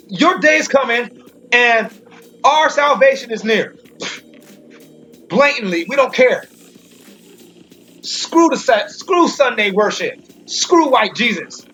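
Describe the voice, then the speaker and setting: A man giving an informal Bible commentary, speaking emphatically, repeating and restarting phrases, and slowing down when he reads verses. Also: very high-pitched, expressive, sharp tone. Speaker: Bible teacher. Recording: dull lo-fi recording with faint music.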